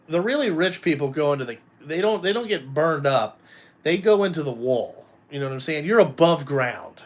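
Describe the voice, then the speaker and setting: A trucking company owner who vlogs talks to his viewers in a casual live chat. His voice is on the high side, animated and fairly bright, at a normal speed. He's blunt and profane, swearing often and rambling from topic to topic.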